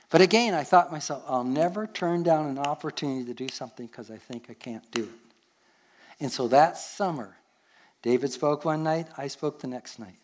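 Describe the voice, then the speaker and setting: Older Canadian pastor telling stories. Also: male voice, a little high, normal speed. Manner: storytelling, earnest, chuckles at himself. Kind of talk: sermon.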